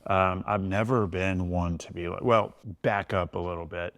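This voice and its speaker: Middle-aged man, gravelly, low-pitched, relaxed, chatty, podcast interview. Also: normal speed. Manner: laid-back, loose storytelling with frequent "you know". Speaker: tattoo artist and shop owner guest. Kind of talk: casual podcast conversation.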